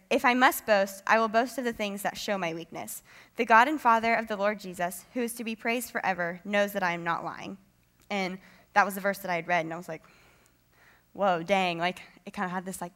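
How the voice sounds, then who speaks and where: Chatty young woman giving a bright devotional talk. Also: medium pitch. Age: young adult. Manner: chatty, with many filler "like"s; acts out her own reactions in quotes. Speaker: student speaker.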